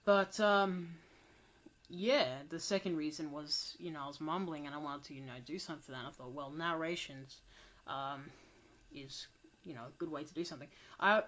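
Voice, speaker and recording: A young woman, the channel's host, gives a casual audio commentary into a home desk microphone, mumbling and hesitant as she recovers from being sick. Her voice is low and fairly bright, at a moderate pace.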